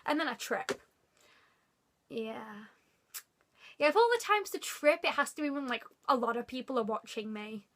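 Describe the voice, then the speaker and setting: A woman talks straight to the camera in a high, very bright voice, gushing with excitement. Her story tumbles out in casual bursts full of "like" and half-finished thoughts. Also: moderate pace, pauses often. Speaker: vlogger.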